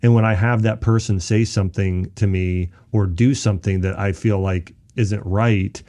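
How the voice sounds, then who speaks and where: A man's voice: lowish voice, fairly even intonation, normal speed, warm tone. A man hosting a podcast, reflecting thoughtfully in a casual interview chat. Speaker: podcast host.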